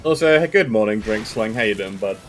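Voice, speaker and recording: A man's voice: lowish voice, lively intonation, brisk, soft background music. A British man chatting casually with viewers while streaming a game, joking and rambling as he talks. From Britain. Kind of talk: casual live-stream chat.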